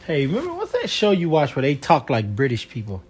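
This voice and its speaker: Playful, animated dad teasing his kid. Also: on the high side, brisk, breathy edge. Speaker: parent. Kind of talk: casual chat with his child.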